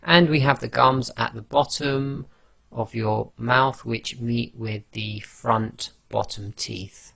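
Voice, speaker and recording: Man, teacher, slow deliberate pace, gravelly low rasp, dry close sound, patient demonstrations. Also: steady tone, fairly bright tone, no room sound. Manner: patient, demonstrates each letter sound slowly. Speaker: Quran recitation teacher. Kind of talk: slow instructional explanation.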